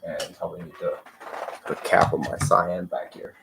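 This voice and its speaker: A man's voice: low voice, level tone, moderate pace, creaky, fairly bright tone, slight background noise. A man with a congested voice hosting a livestream, rambling and muttering as he paints miniatures. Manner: rambling, trailing off and muttering while working. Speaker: livestream host. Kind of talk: casual commentary while painting miniatures.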